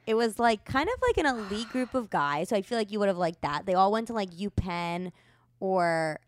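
A woman's voice: mid-range voice, lively intonation, normal speed, slight background noise. A young woman co-hosting a podcast, telling a dating story in casual, filler-heavy chat on a close mic. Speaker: podcast co-host.

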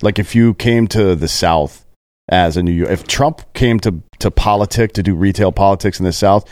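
A man's voice: deep voice, moderate pace, darkish tone, no room sound, clean studio sound. A man co-hosting a podcast, chatting bluntly and crudely. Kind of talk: casual chat.

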